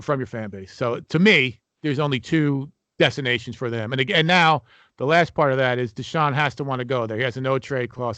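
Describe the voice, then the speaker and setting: A man's voice: mid-range voice, pushed and bright, dry recording. A man co-hosting a casual sports podcast, making emphatic point-by-point arguments. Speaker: podcast co-host.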